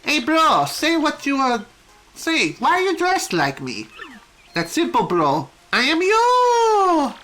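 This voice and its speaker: A woman's voice: high-pitched, sing-song, slow pace, a bit bright, faint music behind, voice pushed up, full character voice. A woman voicing a brash, cocky young man in a game, reading it aloud.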